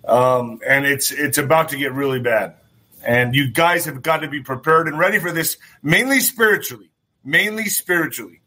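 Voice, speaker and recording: A man talks straight to his viewers in a loose, rambling monologue, circling back to repeat his points and dropping the odd curse. His voice sits a little high and rings with a bright, forward tone. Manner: rambling, repeats phrases, swears. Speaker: show host. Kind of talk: casual commentary monologue.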